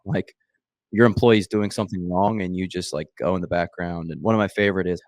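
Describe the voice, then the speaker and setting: Deep-voiced podcast host, dry sound. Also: male voice, fairly even intonation, a little fast, a little mellow, no echo. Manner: rambling, filler-heavy questions. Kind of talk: casual interview chat.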